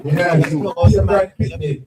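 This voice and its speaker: A man's voice: sits high, very noisy. Man, spelling game host, repeats words, echoey, distant from the mic. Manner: brisk, teasing, repeats words. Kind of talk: live event announcing. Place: event venue with crowd.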